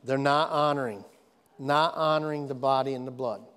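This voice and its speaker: A man's voice: mid-range voice, steady tone, normal speed, fairly bright tone, smooth, in a large hall. A man preaching a sermon to his congregation, emphatic, repeating phrases and asking if they are listening. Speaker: pastor. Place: church sanctuary.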